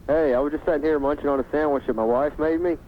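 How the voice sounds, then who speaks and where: A man's voice: on the high side, steady tone, fast talker. A man calling into a late-night radio show, laid-back and agreeable, who mostly answers in short replies. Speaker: caller. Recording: lo-fi radio phone call with faint hiss.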